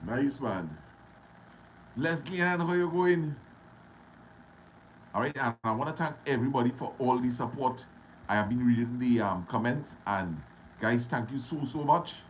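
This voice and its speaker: A man with a Trinidadian accent hosting a casual live stream, greeting viewers one by one and talking loudly. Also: medium pitch, measured pace, pauses often, a little hiss or hum, low-quality recording. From Trinidad and Tobago. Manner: greets viewers by name, loud and friendly. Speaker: livestream host.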